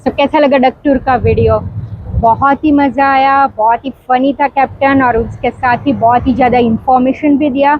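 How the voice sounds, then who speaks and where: Female vlogger, high voice, very fast chatty recap; tinny phone-like audio. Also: steady tone, a little hiss or hum. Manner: chatty, upbeat. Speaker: travel vlogger. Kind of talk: casual vlog recap. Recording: phone-like thin sound.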